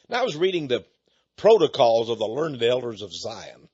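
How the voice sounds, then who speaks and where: A man's voice: a little high, very animated, normal speed, husky, dull audio. A man hosting a radio talk show, making a folksy, chatty appeal to listeners and often repeating his words.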